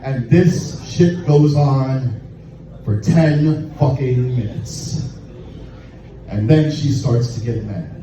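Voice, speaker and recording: A man doing crude stand-up at a bar open mic, telling a raunchy story in a deadpan way. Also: mid-range voice, slow pace. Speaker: stand-up comedian. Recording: echoey, distant, muffled room recording with noise.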